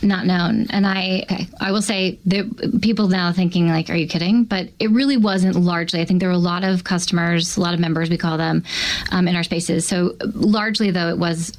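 A woman's voice: fairly low pitch, fairly even intonation, fairly quick, poor audio. A woman marketing executive answering interview questions in a chatty way.

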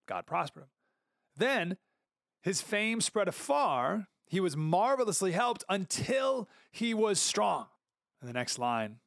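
Hosting a podcast, a man tells a Bible story as casual sermon-style commentary, earnest and conversational. His voice sits on the high side, animated and a bit bright, at a moderate pace. The studio sound is clean with no echo.

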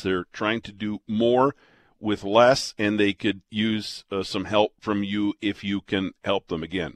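A man's voice: lowish voice, a bit bright, no echo. A man hosting a radio talk show, asking questions in a conversational, prompting way. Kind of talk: radio interview.

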